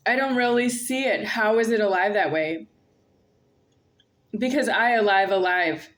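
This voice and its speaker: A woman's voice: mid-range voice, measured pace. A woman vlogging alone, rambling and confrontational, repeating herself as she speaks to an unseen "you". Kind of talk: rambling monologue to camera.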